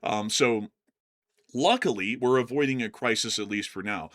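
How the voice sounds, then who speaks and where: A man's voice: mid-range voice, moderate pace, a bit bright. A man co-hosting a live stream, answering viewer questions in a casual, conversational way with frequent fillers and restarts. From United States.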